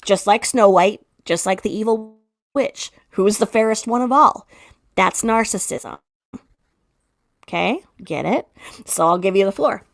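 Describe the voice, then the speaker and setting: A woman's voice: mid-range voice, measured pace, long pauses. A woman from the Pacific Northwest chatting casually and explaining with vivid examples. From Pacific Northwest, United States. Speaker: guest explaining narcissism. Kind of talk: casual chat.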